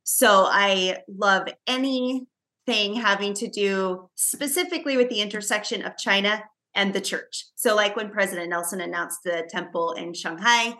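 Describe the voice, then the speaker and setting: Bright-voiced chatty woman co-host. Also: medium pitch, normal speed. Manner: chatty storyteller, frequent fillers and restarts. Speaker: podcast co-host. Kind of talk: casual chat.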